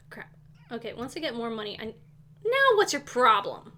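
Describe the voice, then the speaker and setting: A woman's voice: a little high, very animated, a little slow, bright, forceful tone, a little hiss or hum. A woman streaming a game, casually chatting, exasperated and swearing as she scolds the characters. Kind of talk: casual live gameplay chat.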